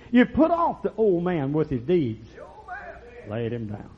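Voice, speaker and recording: A man preaching a fiery, folksy sermon that swings from low murmurs to loud shouts. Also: wildly swooping pitch, takes it slowly. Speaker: pastor. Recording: lo-fi recording.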